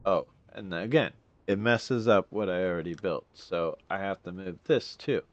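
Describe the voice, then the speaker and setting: A man's voice: low-pitched, normal speed, no echo, highs cut off. A young man giving casual gameplay commentary, rambling and complaining in exasperation as he plays.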